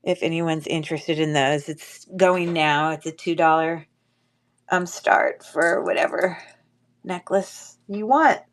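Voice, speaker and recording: A woman with a cold speaks through a stuffy nose, and her voice is smooth, clear and a little low. She runs a live jewelry auction in a casual, rambling way, full of ums and uhs. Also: slow. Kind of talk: casual live-stream selling chat.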